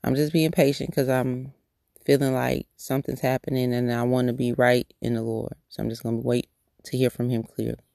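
A podcast host speaks briskly in a darkish mid-range voice with vocal fry and little pitch movement. His devotional talk mixes a repetitive prayer cadence with casual, restarting speech, recorded in studio quality without room sound.

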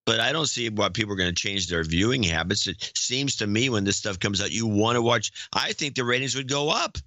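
Male co-host, blunt and plain-spoken, lowish bright voice, casual political chat. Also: lively intonation, brisk, no room sound. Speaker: podcast co-host.

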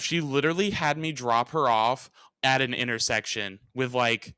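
Smooth-voiced young man telling rambling stories. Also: medium pitch, normal speed, no room sound. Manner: animated, rambling storyteller who acts out quotes and swears freely. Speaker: podcast host. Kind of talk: casual storytelling chat.

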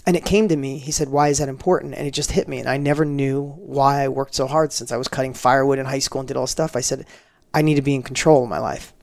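A middle-aged man as a podcast guest, telling personal stories in a casual interview, animated and acting out quoted dialogue with frequent restarts. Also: mid-range voice, fast talker, gravelly, dry recording.

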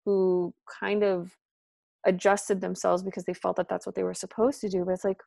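A woman talking casually as a podcast guest, animated and full of "like" and "um", acting out what her friends said. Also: normal speed, creaky, no echo, clean studio sound. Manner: animated, acts out quoted friends with pitch jumps; filler-heavy, frequent "like" and "um". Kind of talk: casual conversation.

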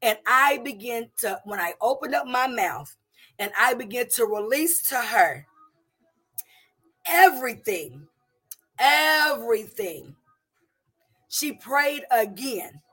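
A middle-aged woman giving a personal testimony to a congregation, in an emotional, halting way with many restarts and repeated words. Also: on the high side, big pitch swings, pushed and bright, slightly rough. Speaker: church member giving testimony.

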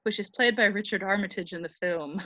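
A woman co-host on a podcast retells a story in a joking, irreverent way, swearing freely in casual chat. Her medium-pitched voice is fairly quick and fairly bright, though the audio sounds dull.

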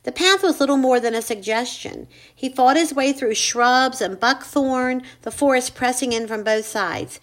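Female storyteller, measured suspenseful narration, slightly high. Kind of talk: scripted narration.

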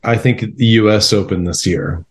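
A man's voice: on the low side, moderate pace. A man co-hosting a casual podcast chat, laid-back and self-deprecating. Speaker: podcast co-host.

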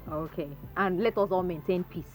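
A radio talk show host, brisk, moving between callers and the guest. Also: mid-range voice, steady tone, music in the background, rough recording.

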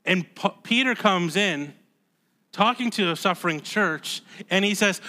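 A man preaching a sermon as pastor, conversational and emphatic, dropping to a hush and then rising loud, often repeating words. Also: high-pitched, animated, unhurried. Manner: emphatic, swings from hushed to loud.

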